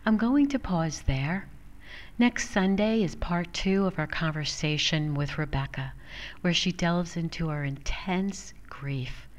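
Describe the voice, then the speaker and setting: Female podcast host, low register, measured and steady, scripted sign-off. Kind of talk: scripted episode outro.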